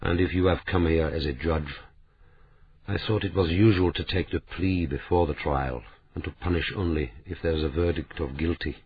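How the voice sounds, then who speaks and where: A man's voice: extremely low pitch, fairly even intonation, moderate pace, husky, exaggerated voice. A man voicing a proud, frail old man who speaks stiffly and formally, in a storybook reading. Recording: tinny phone-like sound.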